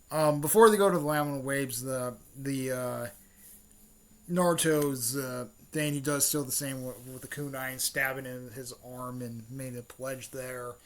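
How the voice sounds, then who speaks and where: A man retelling a story in a casual, rambling way, full of fillers, restarts and offhand swearing. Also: mid-range voice. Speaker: fan channel host.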